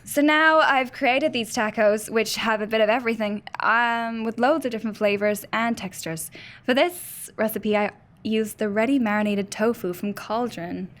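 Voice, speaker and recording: A woman's voice: on the high side, normal speed, fairly bright tone, lightly acted. A young woman reading aloud in a put-on Cork Irish accent, playful and half-laughing.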